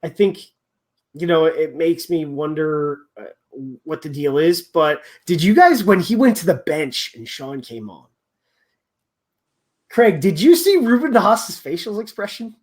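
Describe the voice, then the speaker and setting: A man's voice: a little high, expressive, measured pace, darkish tone. A man hosting a casual sports podcast chat, rambling and often trailing off mid-thought. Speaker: podcast host.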